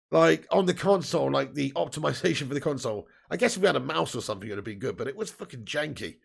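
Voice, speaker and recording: A man's voice: a little high, gravelly, husky. A man in his thirties, hosting a football watch-along stream, reading out chat messages in a casual, chatty way with frequent laughs and casual swearing.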